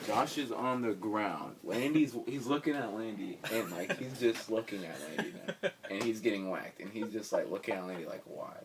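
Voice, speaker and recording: A man's voice: lowish voice, a little fast, far from the mic, crowd noise. A young man telling a story to his friends in slangy casual talk, laughing as he goes. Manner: animated, slangy, often laughing mid-story. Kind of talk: casual anecdote among friends.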